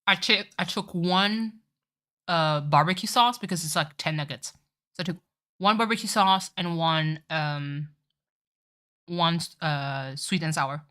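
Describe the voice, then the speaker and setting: A woman's voice: fairly low pitch, a little slow, bright, forceful tone. A woman streamer chatting casually while playing a game, talkative, swearing and saying "like" a lot. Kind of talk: casual live-stream chat.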